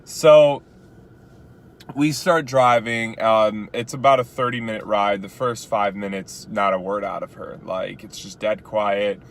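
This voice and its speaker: Lowish-voiced guy from chicago, rideshare driver rambling through a story, tons of "like". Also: steady tone, unhurried. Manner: chatty, lots of "like" and "you know". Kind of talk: casual storytelling.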